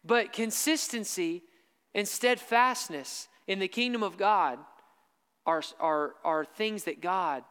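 A man preaching a sermon, emphatic, repeating key lines slowly for stress. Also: high-pitched, sharp tone, clean tone, big-room sound.

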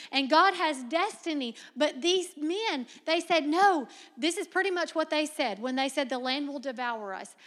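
A young woman preaching a lively, humorous sermon, moving between soft low asides and loud emphatic lines, with frequent laughter. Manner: laughs often.

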